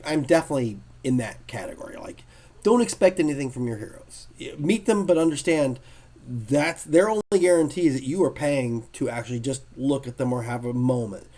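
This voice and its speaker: A man telling stories in a casual podcast chat, lively and acting out the people he quotes. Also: mid-range voice, brisk. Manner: lively storyteller, acts out quotes. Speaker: guest artist telling convention stories.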